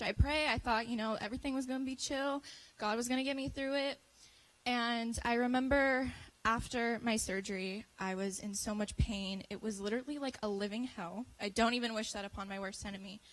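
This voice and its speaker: A teenage girl speaks to a church congregation, sharing her testimony in an earnest, heartfelt way. Her voice sits high and sounds bright and clear. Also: poor audio. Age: teens. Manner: earnest, building to impassioned. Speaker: youth speaker giving a testimony. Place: church service.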